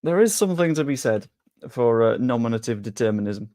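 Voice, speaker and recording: A man's voice: medium pitch, animated, brisk, mellow, dry recording. A young man chats through a live stream in a loose, jokey way, often poking fun at himself. His voice sits in a middling register and is recorded close and dry, with no room sound. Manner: chatty, jokey, self-deprecating. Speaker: streamer hosting a sweepstake draw. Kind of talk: casual live-stream chat.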